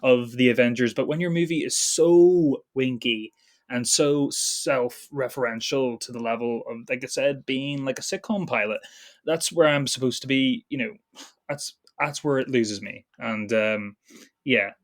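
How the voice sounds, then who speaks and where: A man's voice: mid-range voice, unhurried. A man co-hosting a podcast, chatting casually about a film with a laugh here and there. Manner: chatty, laughs between points. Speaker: podcast co-host. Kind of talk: casual film review chat.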